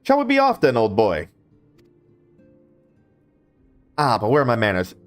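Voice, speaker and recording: A man's voice: mid-range voice, huge pitch swings, fast talker, faint music behind. A man voicing a pompous, spoiled young nobleman, the second son, in a hammy affected posh drawl. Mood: grandiose.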